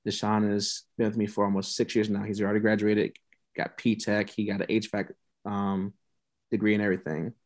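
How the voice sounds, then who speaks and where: As a guest on a podcast, a youth mentoring program founder recounts his story fairly quickly in a low voice with little pitch movement. Earnest and heartfelt, he repeats points for weight and at times nearly cries.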